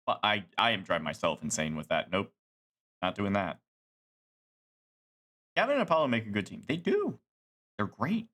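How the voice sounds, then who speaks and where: A man chatting casually on a live stream, rambling and animated, swearing casually. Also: on the low side, normal speed, pauses often.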